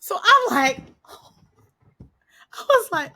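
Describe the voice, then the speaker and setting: A Christian coach appears as a podcast guest, animatedly telling a story in a casual interview, laughing often and acting out quotes. Her voice is a little high and slightly nasal from a cold, at a normal speed.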